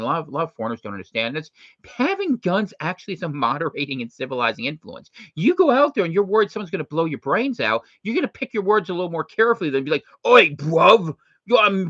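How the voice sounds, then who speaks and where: A man hosting unscripted commentary, jokey and animated, with quick impressions thrown in. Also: on the high side, no echo. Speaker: host. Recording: dry, slightly muffled lo-fi recording.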